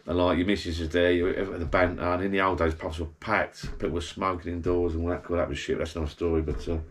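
A vlogger with a low, flat voice speaks quickly to camera from his backyard garden bar, wandering through pub stories in a chatty, blokey way and correcting himself as he goes. There's a little hiss or hum on the recording.

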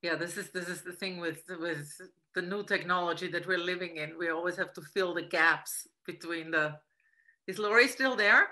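A woman's voice: lowish voice, bright, forceful tone. A woman moderating a live-streamed Q&A, handing over to callers over a video call. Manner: brisk, managing callers.

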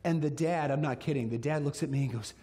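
A middle-aged man preaching a sermon, telling stories with lively delivery and acting out little voices. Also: a little high, quick pace. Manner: animated storytelling, acts out voices. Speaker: pastor. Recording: echoey hall.

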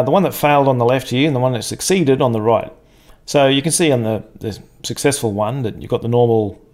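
A man hosting a casual tech video, talking through a screen share in a relaxed, rambling way with plenty of fillers and the odd swear. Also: medium pitch. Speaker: tech channel host. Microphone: desk microphone for the screen segment.

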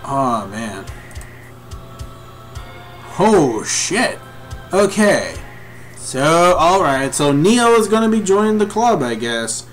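A young man reviewing a manga live, reading along and reacting to viewers with excitable, profane chatter. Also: fairly high pitch, slow, long pauses, soft background music.

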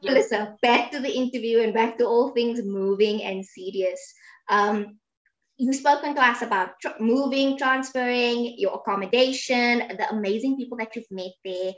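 A woman hosts a relaxed interview, playful and upbeat with her guest. Her voice sits a little high. The audio is slightly dull. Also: normal speed. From South Africa. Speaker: host. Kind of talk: casual video interview.

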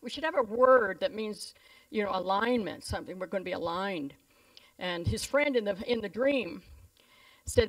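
Speaking at normal speed with a medium-pitched voice, a woman pastor from Canada gives a storytelling sermon, vividly voicing the characters in her tales. She's slightly distant from the microphone.

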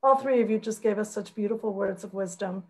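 A woman moderating a webcast panel over a video call, wrapping up with thanks and a measured, storytelling delivery. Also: mid-range voice, low-quality recording. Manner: warm storytelling, measured and grateful.

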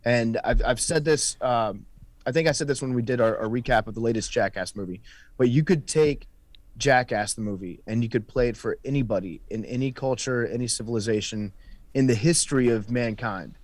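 A man's voice: mid-range voice, brisk, dry recording. A man, a podcast guest, talking casually and explaining his opinions at length.

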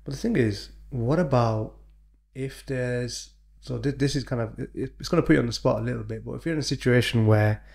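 A man's voice: mid-range voice, brisk, gravelly, a little mellow. A man hosting a podcast, asking a question hesitantly with fillers and restarts. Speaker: podcast host. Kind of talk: casual podcast conversation.

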